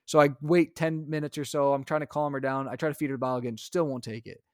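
A young adult man, a podcast co-host and father, telling a story in casual chat and acting out his own lines with animated energy. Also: medium pitch, quick pace, no echo, studio quality.

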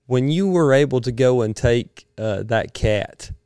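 A man hosting a casual podcast interview, who asks his questions haltingly and restarts them. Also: mid-range voice, animated, dark tone, smooth, dry recording, clean studio sound. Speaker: podcast host.

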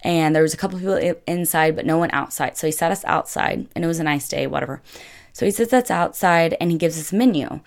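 A young woman with a low-pitched voice, chatting her way through a story. She talks casually and loosely, stringing her sentences together with lots of filler words. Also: fast talker, vocal fry. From United States. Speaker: vlogger.

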